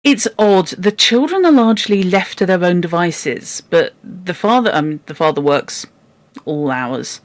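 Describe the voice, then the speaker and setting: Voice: medium pitch, lively intonation, a little slow. A book club host chatting about a classic novel, exasperated and joking, with frequent asides. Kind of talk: casual chat and reading aloud.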